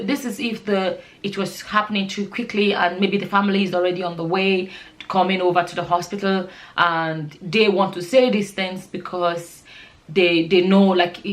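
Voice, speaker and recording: Earnest woman vlogger talking about nursing. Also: mid-range voice. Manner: earnest, rambling, many fillers and restarts. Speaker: nurse and vlogger. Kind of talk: casual vlog talk to camera.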